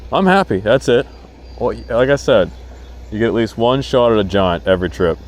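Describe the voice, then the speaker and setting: A man vlogging while fishing from a boat on a river, talking excitedly to himself and the fish. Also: fairly low pitch, moderate pace. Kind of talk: casual narration while fishing.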